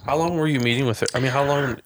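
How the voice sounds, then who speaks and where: A male host asking quick, clarifying follow-up questions in a casual interview. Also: mid-range voice. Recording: noisy background hiss.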